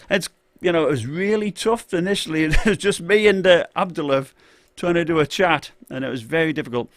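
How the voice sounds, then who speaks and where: A man streams live about tech gear in a slightly high voice, talking fairly quickly and barely pausing. His casual, rambling delivery is full of fillers like "uh" and "you know," plus restarts, and he often breaks off to greet chat viewers by name. His voice comes through dry, with no room echo.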